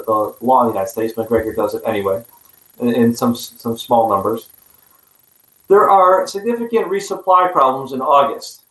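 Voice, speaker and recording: A man giving a public history talk with slides. He speaks haltingly, with many fillers and restarts, and drops in wry, self-mocking asides. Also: mid-range voice, fairly bright tone, reverberant, poor audio. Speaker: history presenter.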